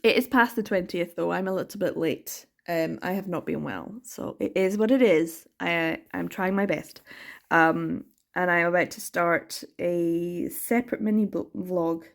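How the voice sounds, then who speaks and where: A Scottish woman chatting casually in a reading vlog, animated and quick to laugh, with the odd swear word for emphasis. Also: on the low side, gravelly. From Scotland. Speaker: manga reading vlogger.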